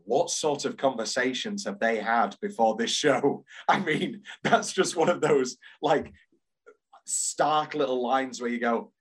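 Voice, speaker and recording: Man, podcast co-host, gushing, animated, casual chat, middle pitch. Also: measured pace, slightly rough. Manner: animated, gushing, many restarts.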